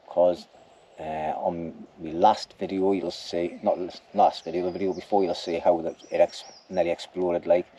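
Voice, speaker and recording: A man's voice: low-pitched, mellow, lo-fi sound. A man talking casually to camera at an outdoor camp, rambling and ending lines with "like", with a snotty nose. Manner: chatty, rambling, says "like" at ends. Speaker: bushcraft vlogger.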